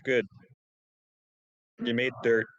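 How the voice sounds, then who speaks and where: A man's voice: mid-range voice, little pitch movement, extremely slow, a bit bright, muffled recording. A man playing a tabletop role-playing game who banters in character, blunt and sardonic, lecturing the others. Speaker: player.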